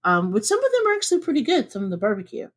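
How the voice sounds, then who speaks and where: A woman co-hosting a podcast from home, chatting casually and laughing often. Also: very fast. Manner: chatty and laughs often, with lively swings up in pitch. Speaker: podcast co-host.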